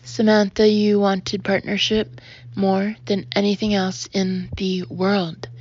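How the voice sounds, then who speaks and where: A woman reading the part of an insistent male colleague in an audiobook, urgent and pressing, with a husky voice. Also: mid-range voice, flat delivery, takes it slowly, darkish tone. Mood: urgent pleading. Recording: dull, muffled audio.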